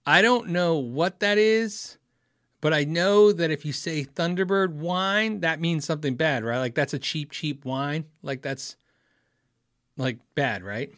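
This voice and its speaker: In a dry, clean studio recording, a middle-aged man with a fairly high, fairly bright voice unhurriedly rambles through a story on a casual livestream. He chuckles, corrects himself, and then answers questions from chat.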